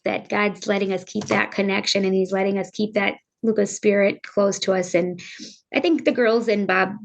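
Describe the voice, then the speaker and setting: Gravelly middle-aged woman telling her story. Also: mid-range voice, fairly even intonation. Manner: earnest, halting, circling back on her words. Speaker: guest, bereaved mother. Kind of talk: emotional personal storytelling.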